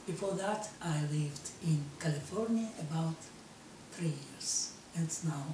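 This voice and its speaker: A woman in her fifties from Russia with a Russian accent, giving a personal monologue in halting English full of restarts. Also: low-pitched, warm tone, reverberant, distant mic, slight background noise, rough recording. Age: 50s. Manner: halting non-native English, slow, many restarts.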